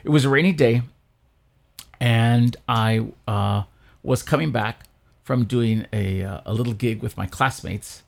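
A man, a priest co-hosting a church podcast, telling a childhood story in casual chat with lively quoted voices. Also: unhurried, vocal fry. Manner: animated storyteller, jumps high for quoted voices.

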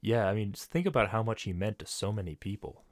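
A man's voice: lowish voice, quick pace. A man on a casual music podcast who steers the talk and asks the questions. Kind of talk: casual chat.

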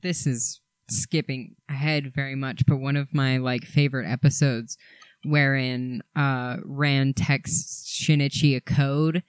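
A young man co-hosting a casual podcast, dropping joking quips and quick asides. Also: medium pitch, little pitch movement, clean tone, no room sound. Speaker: podcast co-host.

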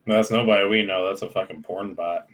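Podcast guy with a lowish voice, crude jokes, swearing, just chatting. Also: fairly even intonation, a little fast. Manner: crude, joking banter. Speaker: podcast co-host. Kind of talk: casual chat.

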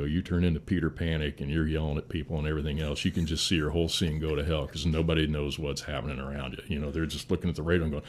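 Older fire chief, very deep, calm storyteller with restarts. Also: male voice. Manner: calm, steady, rambling with restarts. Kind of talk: casual interview storytelling.

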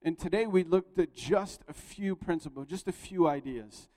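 A man's voice: on the high side, moderate pace, mellow. A man preaching a sermon as pastor, telling a story in a conversational way and building to emphatic points. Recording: long reverb of a large hall.

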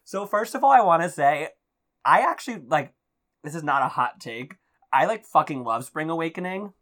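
A man's voice: on the high side, normal speed. A man co-hosting a podcast, chatting casually and telling gossip with lots of filler words. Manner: gossipy, many likes and ums, animated storytelling. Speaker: podcast co-host. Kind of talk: casual chat.

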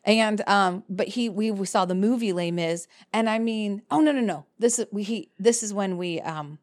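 Animated woman telling theater stories. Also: medium pitch, moderate pace. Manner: animated storyteller, laughs often. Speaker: cabaret performer and director. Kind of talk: casual chat.

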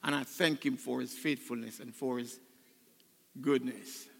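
A man's voice: medium pitch, steady tone, a little slow, creaky. Older man, pastor, sermon, emotional and choked up, fervent, echoing church hall. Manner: emotional, building to loud fervent preaching. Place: church sanctuary.

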